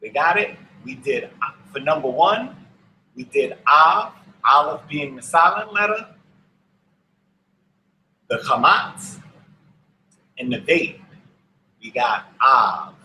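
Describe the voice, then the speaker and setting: A man's voice: mid-range voice, big pitch swings, takes it slowly, pauses often, sharp tone, echoey room, a little hiss or hum, poor audio. A man teaching a language lesson to an online class, speaking patiently and repeating each word for his students. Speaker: Hebrew teacher. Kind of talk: slow classroom instruction.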